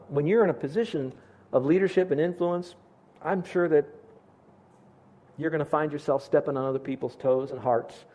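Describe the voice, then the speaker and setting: Man, pastor, sermon, earnest, questions to the congregation, a bit high-pitched voice. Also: darkish tone.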